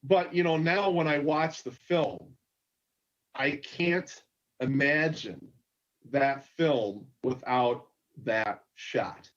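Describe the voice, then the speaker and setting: A man's voice: a little high, slow. Male filmmaker telling a set story. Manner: animated anecdote, quotes others. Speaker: panel host, filmmaker. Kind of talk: convention panel storytelling. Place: convention stage. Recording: dull lo-fi panel recording.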